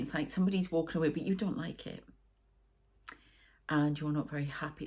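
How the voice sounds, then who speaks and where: A woman's voice: low-pitched, sharp tone. A woman with a Geordie accent giving a rambling, chatty tarot reading full of asides. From North East England. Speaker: tarot reader. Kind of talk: casual psychic reading monologue.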